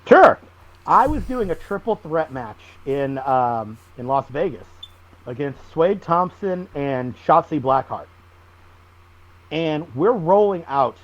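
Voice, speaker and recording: A man, a wrestling guest on a podcast, telling stories in a lively, animated way. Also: a little high, takes it slowly, poor audio. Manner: animated storyteller, acts out shouted quotes. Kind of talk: casual storytelling interview.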